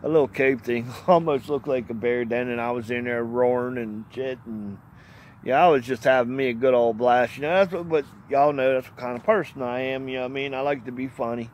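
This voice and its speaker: A man's voice: mid-range voice, steady tone, brisk, slight background noise. A man telling a hunting story in a rambling, folksy way, laughing often and cursing now and then. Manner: plainspoken, mild cursing. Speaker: outdoors vlogger. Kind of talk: casual storytelling.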